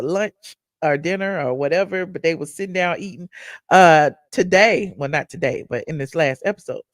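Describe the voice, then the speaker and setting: A woman with a Southern American accent, hosting a show where she recaps a reality show and chats with her viewers in a sassy, animated way. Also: on the low side, dry recording, studio quality. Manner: chatty, sassy, animated storytelling. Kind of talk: casual chat with live chat.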